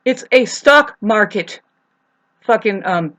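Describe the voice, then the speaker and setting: A woman's voice: medium pitch, expressive, takes it slowly, fairly bright tone, low-quality recording. A woman in a rambling, profane monologue, half-rhyming and sarcastic, with many ums.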